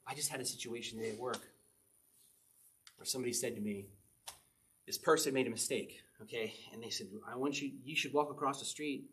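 A man's voice: mid-range voice, fairly quick, long pauses, a bit bright. Middle-aged pastor guy preaching, laid-back and chatty, keeps saying okay?, regular man's voice. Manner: conversational, chatty preaching with frequent "okay?" asides. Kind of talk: sermon.

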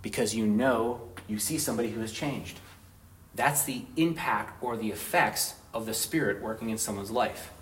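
A man's voice: lowish voice, normal speed, a bit bright, a little hiss or hum. A man teaching an informal Bible study, conversational and asking his group questions.

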